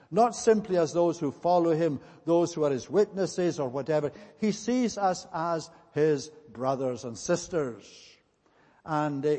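A man's voice: on the high side, darkish tone. A man preaching a sermon in an earnest way, repeating his key points for emphasis. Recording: long hall reverb.

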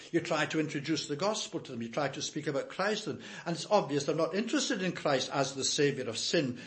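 An older man preaching a sermon in an earnest, emphatic way, repeating key phrases. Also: on the high side.

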